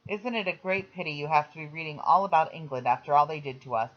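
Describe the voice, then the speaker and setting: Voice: medium pitch, fast talker, lightly acted. Reader doing friendly middle-aged cleaner guy, wistful, lo-fi sound. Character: kindly middle-aged hospital cleaner, man. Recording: slightly dull lo-fi recording.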